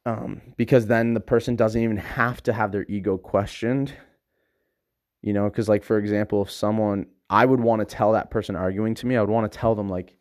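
A man's voice: fairly low pitch, fairly even intonation, a little fast, a little mellow, no echo, studio quality. A man talking casually and emphatically, rambling and repeating words as he explains his views. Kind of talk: casual monologue on psychology.

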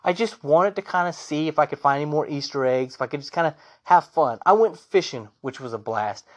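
Animated gaming host, fairly high-voiced man. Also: brisk. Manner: animated, enthusiastic storytelling. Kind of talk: casual solo gaming talk.

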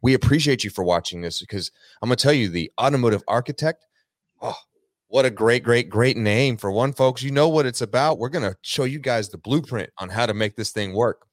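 A man's voice: medium pitch, brisk, dry recording. A man appearing as a podcast guest who talks in an upbeat, motivational way. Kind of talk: casual podcast chat.

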